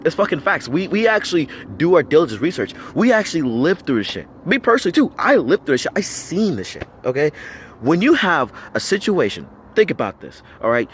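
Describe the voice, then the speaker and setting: A man's voice: a little high, very animated, brisk, slight background noise. An American man giving a blunt, heavily profane rant to camera, firing off rhetorical questions and repeating himself for emphasis. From United States. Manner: blunt, swears constantly, argumentative. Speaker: vlogger.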